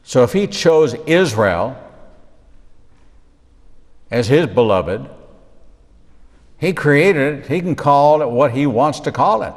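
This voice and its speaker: A man preaching a Bible lesson in a large hall, his voice carried on a long reverb tail. He speaks at a mid-range pitch, leaning on repeated phrases for emphasis and dropping in dramatic pauses and joking asides. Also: expressive. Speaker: rabbi teaching the Bible. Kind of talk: sermon-style Bible teaching.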